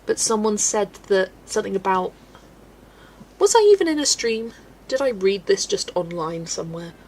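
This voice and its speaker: A woman hosting a relaxed livestream, chatting and laughing with viewers as she greets them by name. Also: medium pitch, normal speed, slight background noise. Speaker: livestream host. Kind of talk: chatty livestream while colouring, reading chat.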